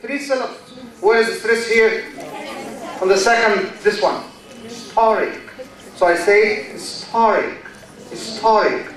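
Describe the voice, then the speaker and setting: A man's voice: high voice, moderate pace, long pauses, a bit bright. A middle-aged man lecturing a class, repeating key words and quizzing students. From Egypt. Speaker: university lecturer. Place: lecture hall. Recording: echoey hall, distant mic.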